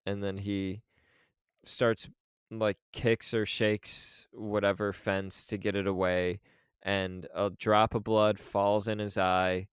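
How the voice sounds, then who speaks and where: A man's voice: fairly low pitch, little pitch movement, slow, clean tone, dry recording, clean studio sound. A man co-hosting a podcast, chatting casually about a film. He swears freely and acts out lines from it. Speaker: podcast co-host.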